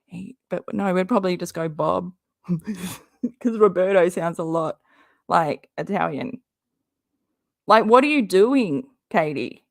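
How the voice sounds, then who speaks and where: Slow, chatty woman livestreaming. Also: lowish voice, expressive, vocal fry, no room sound, studio quality. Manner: chatty, rambling, sarcastic, laughs often. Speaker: livestream host. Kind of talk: casual reaction livestream chat.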